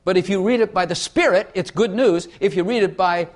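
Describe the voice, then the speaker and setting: Man, fairly high voice, casual Bible teaching, emphatic, repeats himself, shifts his inflection. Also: a little fast. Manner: emphatic, repeats phrases for effect; plays with vocal inflection to make points.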